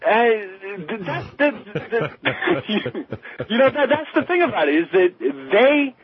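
A man's voice: high voice, big pitch swings, slow pace. A man co-hosting a radio talk show, chatting casually about music in an emphatic, rambling way with many restarts. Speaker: radio co-host. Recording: slightly muffled radio broadcast.

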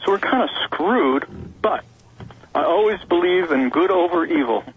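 A man with a very raspy, slightly high voice calls in to a radio show. He rambles along with fillers and restarts, heard through a dull phone line. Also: lively intonation, normal speed. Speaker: caller. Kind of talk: call-in talk radio. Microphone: telephone.

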